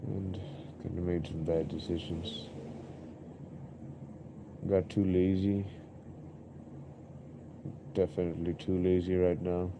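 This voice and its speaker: A man's voice: deep voice, little pitch movement, slow, pauses often, noisy background. A young man streaming live, rambling and musing aloud in an introspective way, often repeating himself.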